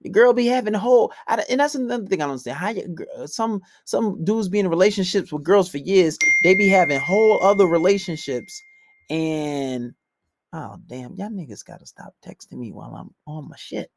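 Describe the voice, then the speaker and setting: A man giving blunt, profane dating advice in a casual monologue, swinging between loud outbursts and low mutters. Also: expressive, a little fast, vocal fry, no echo, studio quality.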